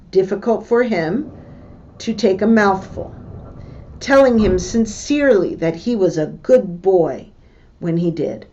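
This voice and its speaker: A woman teacher reading a book passage aloud and stopping to explain what words mean, in a slow, deliberate way. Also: mid-range voice, a little mellow, highs cut off. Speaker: English teacher.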